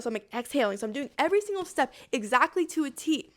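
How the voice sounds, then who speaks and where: Young woman podcaster, high voice, tells her story and acts out her own thoughts. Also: expressive, rapid-fire, few pauses. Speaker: podcast host. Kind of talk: personal storytelling monologue.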